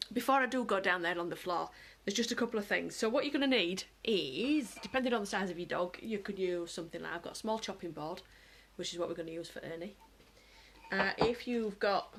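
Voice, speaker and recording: A woman's voice: a bit bright, a little hiss or hum. Chatty British woman training her dog. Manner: chatty, bursts into high praise for the dog. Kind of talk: live-streamed training demo. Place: home, on the floor with her dog.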